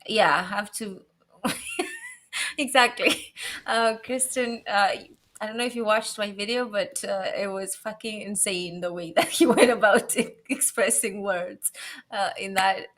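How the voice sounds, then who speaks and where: A woman's voice: medium pitch, big pitch swings, measured pace, a bit bright. A woman co-hosting a casual chat, joking and laughing often; English is not her first language. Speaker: podcast co-host.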